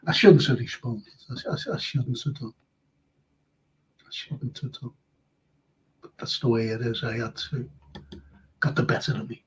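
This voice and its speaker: A man's voice: mid-range voice, measured pace, long pauses. An older man from Liverpool with a Scouse accent, hosting a live show in casual, rambling chat with many fillers and restarts. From Liverpool, England. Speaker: radio show host reading listener comments. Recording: dull lo-fi stream audio.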